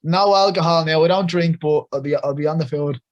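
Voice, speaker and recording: A man's voice: on the high side, fairly quick, muffled recording. A young man with an Irish accent, a boxer chatting casually and upbeat as an interview guest. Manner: chatty and upbeat, full of praise for others.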